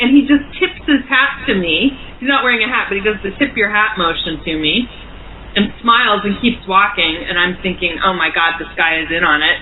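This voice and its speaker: A woman from the United States, a guest telling a long story with many fillers in a phone interview. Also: mid-range voice. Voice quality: chatty, full of fillers. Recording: noisy phone line.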